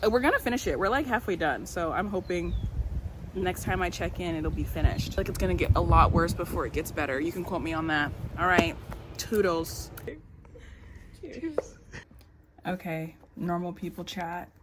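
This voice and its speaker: A woman's voice: lowish voice, brisk, noisy background. Chatty woman vlogging about a book. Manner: chatty, expressive, lots of fillers and restarts. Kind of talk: casual reading vlog chat.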